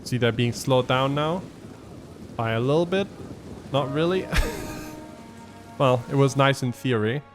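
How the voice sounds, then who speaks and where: A man's voice: mid-range voice, measured pace, pauses often, music in the background. A man giving casual gameplay commentary as a let's play host, thinking aloud and explaining his tactics with frequent ums.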